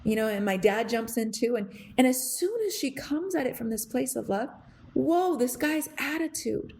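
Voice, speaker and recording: A woman's voice: a little high, animated, normal speed, darkish tone, a little hiss or hum. A young adult woman hosting a podcast, telling a story in an earnest, rambling way full of fillers and restarts. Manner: gets emotional, close to tears. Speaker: podcast host. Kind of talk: reflective storytelling monologue.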